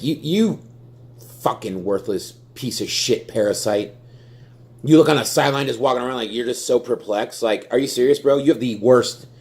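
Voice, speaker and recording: Young male fan vlogger, angry profane rant, mid-pitched voice, stammering repeats. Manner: furious, profane, ranting with heavy swearing; stammers and repeats words when worked up.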